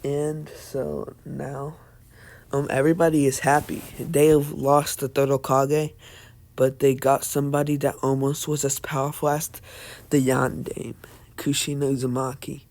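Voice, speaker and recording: A man improvising a story in a halting way, with many fillers and restarts as he goes. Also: mid-range voice, flat delivery, a little mellow. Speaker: fan fiction storyteller.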